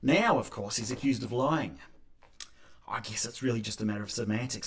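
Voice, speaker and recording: An Australian man, an accountant, giving a sardonic opinion monologue, dry and wry with animated bursts. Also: mid-range voice, brisk, gravelly. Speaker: accountant vlogger. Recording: echoey room.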